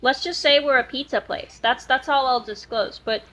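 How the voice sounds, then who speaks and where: A woman's voice: sits high, normal speed, a bit bright. A young woman casually telling a rambling story on a podcast, full of fillers and restarts. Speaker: podcast co-host. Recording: dull lo-fi recording.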